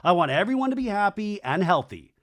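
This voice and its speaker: A man mimicking an indignant high-voiced woman. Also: sing-song, fairly quick, fairly bright tone. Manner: exasperated, emphatic, mocking. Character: indignant reality-show woman, exasperated.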